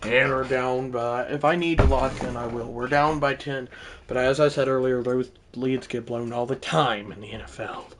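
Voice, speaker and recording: A livestreamer giving play-by-play of a football video game, swinging from mumbled asides to shouted sportscaster-style calls. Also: mid-range voice, fairly even intonation, moderate pace, slight background noise. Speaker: gaming livestreamer.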